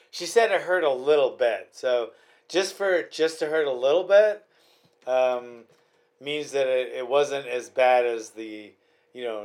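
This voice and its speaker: A man chatting casually about fights as a podcast host, rambling and restarting his sentences often. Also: medium pitch.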